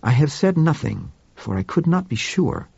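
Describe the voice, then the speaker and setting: A man voicing a gentle, furry male Martian with a soft, sibilant, formal way of speaking, in an audiobook reading. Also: fairly high pitch, big pitch swings, gravelly, slightly rough, no echo, highs cut off, pitched above the performer's own voice, full character voice. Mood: earnest. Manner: measured, formal speech.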